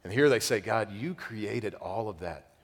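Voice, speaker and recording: A young man preaching as a pastor, with a fairly low voice that rings out in a hall with a long echo. He tells stories in a relaxed, chatty way, gets louder when excited, then drops to a quiet, solemn emphasis. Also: measured pace. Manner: conversational, animated storytelling with sudden quiet emphasis. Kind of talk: sermon.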